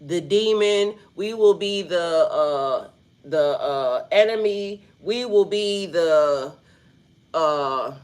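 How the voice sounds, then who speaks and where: A woman's voice: fairly low pitch, lively intonation, extremely slow, a little mellow. A woman vlogger giving casual spiritual talk, rambling through rhetorical questions with slangy asides.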